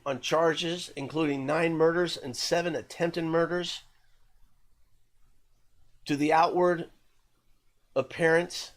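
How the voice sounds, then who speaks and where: A man hosting a podcast, telling a true-crime story in a loose, conversational way, with lots of fillers and the odd curse word. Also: fairly high pitch.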